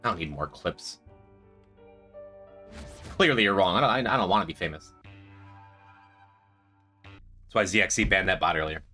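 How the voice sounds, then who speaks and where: A man's voice: low-pitched, moderate pace, long pauses, bright, forceful tone, husky. A man streaming a game, chatting with viewers in a dry, joking way. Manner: dry, joking, talks to chat. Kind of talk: casual gameplay commentary. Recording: faint music behind.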